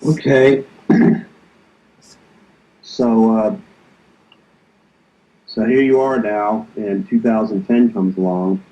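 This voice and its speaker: A man's voice: lowish voice, steady tone, slow pace, pauses often. A man interviewing a guest, prompting him with brief questions. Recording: dull lo-fi recording.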